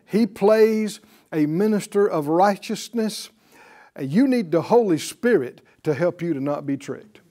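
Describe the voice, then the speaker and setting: A man's voice: high-pitched, animated, unhurried, mellow. A man teaching a Bible class, emphatic and fond of repeating key words and asking his listeners rhetorical questions.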